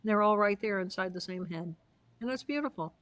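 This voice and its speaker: A woman's voice: medium pitch, fairly quick. A woman, a guest expert, telling stories in an interview and playfully acting out the voices of people in them. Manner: acts out voices, playful, expressive. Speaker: guest neuroanatomist. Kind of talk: animated interview storytelling.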